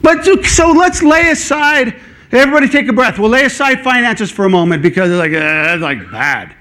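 A middle-aged pastor with a notably high-pitched voice delivers a sermon. He talks in a casual, animated way and often slips into acting out people's worried thoughts. His preaching feels chatty rather than formal. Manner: animated, conversational preaching that acts out inner dialogue.

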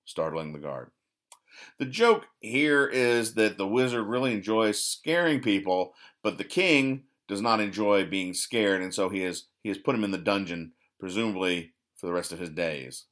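A man with a lowish voice talks through newspaper comics in a dry, deadpan way. He rambles and trips over his words, fixing himself mid-sentence. His explanations of each gag come out flat and sarcastic. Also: normal speed. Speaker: podcast host. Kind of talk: deadpan comic-strip recap.

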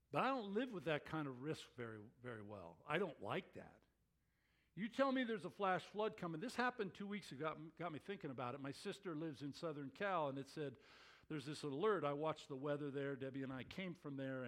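Male pastor, sermon, high voice, lively swings in pitch, animated storyteller. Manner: animated storytelling with rising exclamations.

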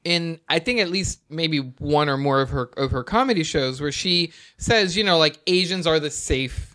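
Bright-voiced man in rambling casual chat. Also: on the high side, lively intonation, moderate pace. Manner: rambling, many restarts. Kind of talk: casual discussion.

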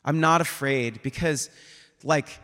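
A man of middle pitch preaches a sermon in a church, talking casually and retelling a story with plenty of "like" and quoted asides. His voice carries a long reverb tail from a large hall. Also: expressive, normal speed, fairly bright tone. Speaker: guest preacher. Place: church sanctuary.

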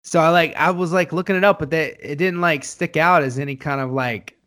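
A man co-hosting a casual movie chat, excitable and profane, his voice jumping up when he gets worked up. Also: fairly quick. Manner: excitable, swears a lot, voice jumps high when excited. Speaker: podcast co-host.

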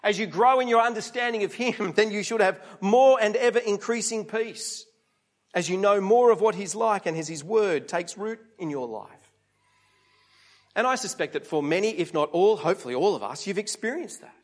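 A man's voice: high voice, moderate pace. A middle-aged man preaching a conversational sermon, often asking his listeners rhetorical questions.

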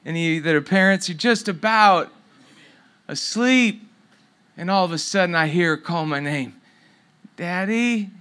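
A man's voice: on the high side, moderate pace, pushed and bright, clean tone. A middle-aged man preaching a sermon, telling a story and dropping to a near whisper at tender moments. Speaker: pastor.

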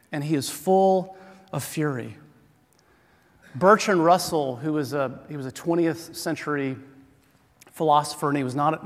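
Higher-pitched pastor in a reverberant church. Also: male voice. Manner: conversational, self-deprecating humor. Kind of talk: sermon. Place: church sanctuary. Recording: long hall reverb.

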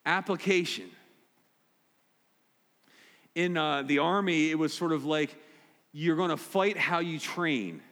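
A man's voice: on the high side, slow, pauses often, a bit bright. A man preaching a sermon as pastor, direct and emphatic, repeating key points. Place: church sanctuary. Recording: long hall reverb.

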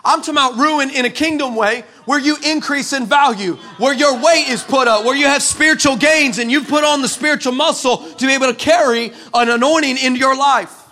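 A man from El Paso preaching a comic storytelling sermon, animated and sarcastic, with many stammered restarts. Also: very high voice, brisk. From El Paso, West Texas, USA. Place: church.

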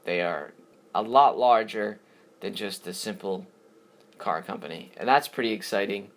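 A man's voice: fairly low pitch, moderate pace. Upbeat rambling podcast host, man. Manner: rambling, upbeat, with many fillers and restarts. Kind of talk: casual solo podcast outro.

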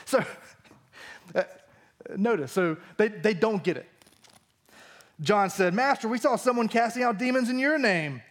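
Man preaching, high voice, animated, acts out the disciples' lines, church sermon. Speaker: pastor.

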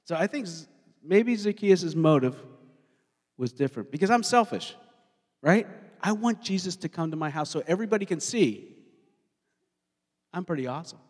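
A male pastor preaching a sermon, talking in an animated way and putting questions to his congregation. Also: high voice, normal speed, slightly rough. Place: church sanctuary. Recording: long hall reverb.

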